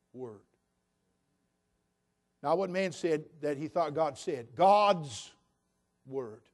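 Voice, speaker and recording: A man's voice: a little high, a little mellow. An older man preaching a sermon in a folksy, homespun storytelling way with fervent conviction.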